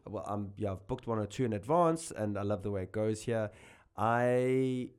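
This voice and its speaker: A man with a South African accent, a guest comedian chatting on a podcast. He is animated and jokey, often restarting his sentences. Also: fairly low pitch, moderate pace, smooth. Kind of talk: casual podcast chat.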